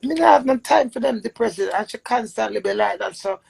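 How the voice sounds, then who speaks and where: A woman's voice: a little high, fairly quick, creaky, husky. A middle-aged Jamaican woman chatting casually on a live stream, telling stories and laughing often. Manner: animated storytelling with frequent laughs.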